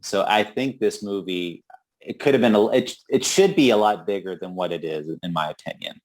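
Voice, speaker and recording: Guy with a real low voice, movie podcast cohost, retells scenes and does the lines. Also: normal speed. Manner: retells scenes with acted-out quotes, dry humor. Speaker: podcast co-host. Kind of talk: casual movie chat.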